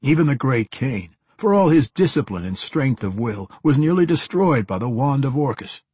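A male narrator voicing a calm male ranger who speaks in a steady, measured and reassuring way. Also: medium pitch, husky, no room sound, voice pushed up. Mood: grave.

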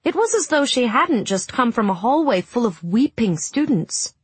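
Breathy woman reading a story. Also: on the high side, sing-song, moderate pace, dry recording. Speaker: audiobook narrator. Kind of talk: scripted narration.

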